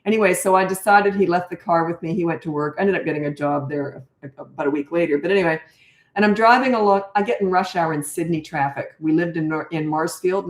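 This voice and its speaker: A Canadian woman in her sixties, a parenting coach who answers viewer questions and drifts into long laughing stories in easy, casual chat. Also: fairly low pitch. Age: 60s. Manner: chatty, laughing storyteller who drifts off topic. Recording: roomy echo.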